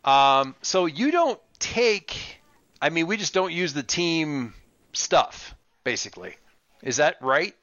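Bright-voiced man running a tabletop game. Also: fairly high pitch, very animated, takes it slowly, dry recording. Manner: rambling, many fillers and restarts. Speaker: game master. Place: online voice call. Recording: muffled lo-fi voice chat.

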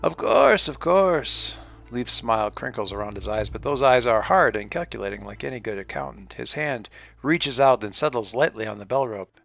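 Gravelly man narrating a solo game. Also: mid-range voice, a bit bright, dry recording. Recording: dull lo-fi with faint music.

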